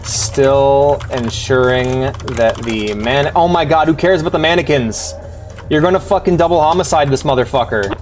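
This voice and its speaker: A man with a mid-range voice talks at normal speed over faint background music. He's live-streaming a game and ranting to his viewers in exasperation, swearing heavily and stumbling into frequent restarts.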